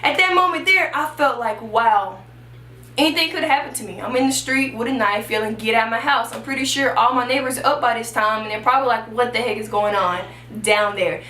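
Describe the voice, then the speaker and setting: A young woman from Texas telling a storytime on her vlog, animated and acting out the voices she quotes. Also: fairly high pitch, a little fast, far from the mic, slight background noise. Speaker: YouTuber. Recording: echoey room, mic a little off.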